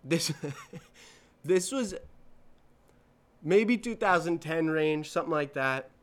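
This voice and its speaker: Smooth-voiced young man, rambling and profane. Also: a little high, expressive, slow. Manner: rambling, profane, self-correcting storytelling. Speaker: podcast host. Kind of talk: casual solo podcast monologue.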